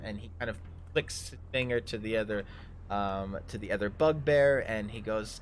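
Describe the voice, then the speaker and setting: A man narrating a tabletop game livestream as dungeon master, improvising in a halting way. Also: lowish voice, slight background noise.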